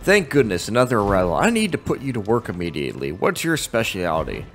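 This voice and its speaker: A man's voice: fairly low pitch, huge pitch swings, fast talker, a little hiss or hum. A man reads a male sergeant's lines in a game, putting a new arrival to work. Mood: urgent. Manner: reading quest text aloud. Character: harried male sergeant giving orders.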